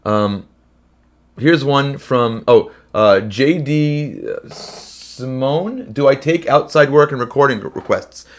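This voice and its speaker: A man's voice: medium pitch, slow. A man who is under the weather hosts a live question-and-answer stream from his home studio, chatting loosely with many fillers between songs. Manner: rambling, filler-heavy chat. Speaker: host. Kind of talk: live Q&A with singing. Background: guitar playing.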